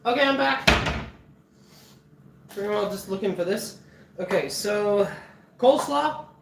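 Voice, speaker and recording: This cooking streamer chats casually on a livestream while he cooks, laughing a lot and swearing freely. His voice is high-pitched and animated, a little slow, with vocal fry. The room sounds echoey, the mic sits at a distance, and there's faint background noise.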